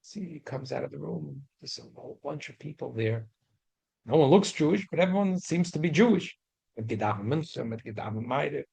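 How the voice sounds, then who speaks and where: Husky man telling a lesson story. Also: a little high, lively intonation, a little fast, darkish tone, rough recording. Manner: chatty, with frequent restarts and mixed-in Hebrew and Yiddish terms. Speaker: teacher of a religious class.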